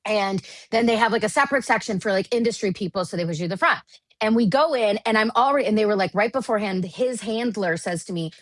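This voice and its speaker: Animated, self-deprecating woman telling a story. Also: medium pitch, fast talker, dry recording. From Michigan. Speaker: podcast guest, Broadway actress. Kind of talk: casual storytelling anecdote.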